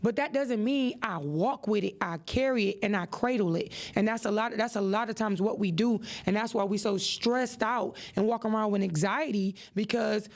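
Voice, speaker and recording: Woman host with a gravelly edge, preachy and animated. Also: moderate pace, few pauses. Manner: animated and preachy, with expressive rises in pitch. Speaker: podcast host. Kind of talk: motivational podcast talk.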